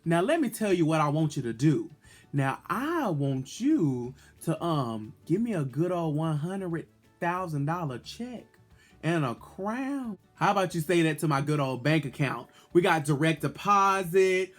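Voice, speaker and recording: A man's voice: fairly high pitch, sing-song, unhurried, faint music behind. A man voicing a sassy drag queen who teasingly demands her prize money.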